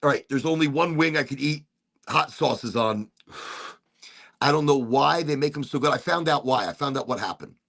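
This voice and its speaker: A man hosting a casual podcast chat, telling stories in an animated way and swearing freely. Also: medium pitch, moderate pace, creaky. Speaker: podcast host.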